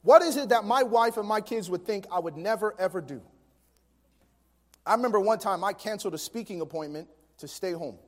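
A man preaching a sermon, telling family stories in an animated way that swings from soft to emphatic. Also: high voice, brisk. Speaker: pastor. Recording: long hall reverb.

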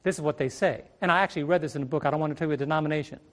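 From a church stage, through a stage microphone, a middle-aged preacher delivers his sermon in a rapid-fire, higher-pitched voice. He pushes rhetorical questions at the congregation, stretches out key words, and speaks with emphasis.

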